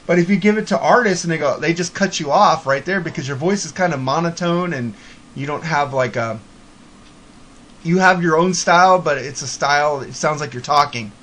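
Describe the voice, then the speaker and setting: A man's voice: fairly high pitch, moderate pace, fairly bright tone, a little hiss or hum. A man co-hosting a podcast in casual chat, blunt and frank, swearing casually as he gives advice. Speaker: podcast co-host.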